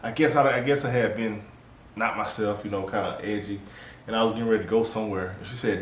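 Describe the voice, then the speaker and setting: A man's voice: lowish voice, fast. Man co-host, laid-back storyteller, echoey room, distant mic, light background noise. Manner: relaxed, tells family anecdotes with laughs. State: tired. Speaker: podcast co-host. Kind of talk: casual storytelling.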